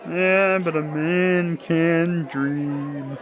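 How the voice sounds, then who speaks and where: Brief: a man voicing a high, slow-talking lovesick henchman, gushing. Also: music in the background, crowd noise, natural voice. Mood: lovestruck. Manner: excitable, gushing.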